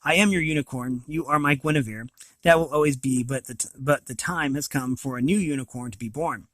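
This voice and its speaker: A man reading a novel aloud, voicing a solemn male unicorn who speaks calmly and formally. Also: medium pitch, a little fast, no echo, natural voice. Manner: calm, resigned, formal.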